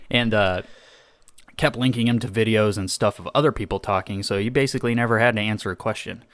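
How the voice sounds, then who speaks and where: Young man, low voice, resonant tone, casual podcast storytelling, exasperated, swears. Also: fairly quick, fairly bright tone, no room sound. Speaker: podcast co-host. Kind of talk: casual chat.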